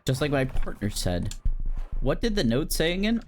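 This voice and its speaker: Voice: medium pitch, sing-song, moderate pace, slight background noise. A streamer chatting casually with viewers while playing a horror game, talking directly to the chat and giggling often.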